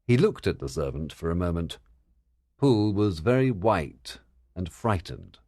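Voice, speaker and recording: A man narrating a story for English learners in a clear, measured reading style. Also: deep voice, very animated, a little mellow, dry recording, clean studio sound.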